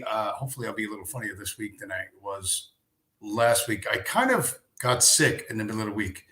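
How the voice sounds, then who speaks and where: A man's voice: mid-range voice, bright, forceful tone, reverberant. A man hosting a casual livestream, rambling and telling a story with lots of swearing, fillers and restarts. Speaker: livestream host. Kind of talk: casual chat stream.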